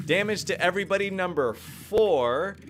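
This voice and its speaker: A man streaming a mobile game live, commentating playfully and excitably while answering his chat. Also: high-pitched, normal speed, background noise. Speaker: gaming streamer. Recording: game music behind voice.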